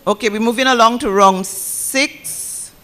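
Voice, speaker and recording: A woman's voice: a little high, measured pace, a bit bright, slight background noise. A woman acting as pronouncer at a spelling bee, saying each word twice and spelling out corrections letter by letter. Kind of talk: competition announcing.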